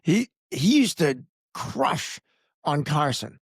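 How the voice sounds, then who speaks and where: A man's voice: fairly high pitch, sing-song, takes it slowly, creaky, slightly rough, no echo, clean studio sound. A male podcast host in casual chat, giving plain, frank advice.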